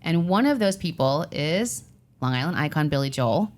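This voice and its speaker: A woman's voice: low voice, expressive, moderate pace, darkish tone. A woman co-hosting a podcast, chatting with a guest and asking curious questions. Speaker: podcast co-host. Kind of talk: casual interview chat.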